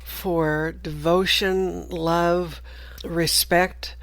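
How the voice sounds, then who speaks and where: A woman in her seventies leaving a heartfelt recorded message, speaking slowly and deliberately. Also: on the low side, flat delivery, dry recording. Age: 70s. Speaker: listener caller.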